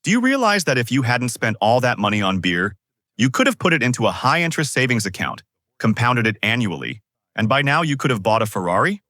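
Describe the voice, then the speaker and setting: A man voicing a know-it-all wife who lectures quickly. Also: mid-range voice, big pitch swings, sharp tone, no echo, clean studio sound. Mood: lecturing.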